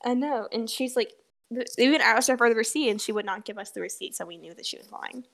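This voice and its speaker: A woman's voice: a little high, fast talker. A teenage girl co-hosting a podcast, telling a story in casual chat, laughing often and swearing freely. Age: teens. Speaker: podcast co-host.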